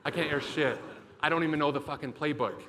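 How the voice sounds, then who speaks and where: A man's voice: fairly high pitch, quick pace, background noise. A man giving a motivational keynote talk, telling a vivid story with lots of swearing. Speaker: motivational speaker. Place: event stage.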